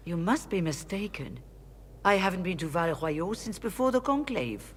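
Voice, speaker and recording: A woman voicing a weary, guarded mage leader in a video game, speaking in a measured, formal way. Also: lowish voice, lively intonation, a little hiss or hum, close to an everyday voice. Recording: game audio with long reverb.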